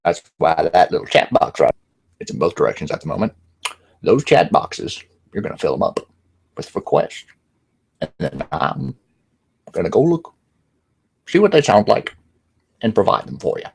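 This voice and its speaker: A man using a much deeper put-on voice and accent for a mock-serious channel announcement. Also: big pitch swings, normal speed, vocal fry, long pauses, darkish tone, slightly rough, full character voice. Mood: theatrical. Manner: low, dramatic announcing.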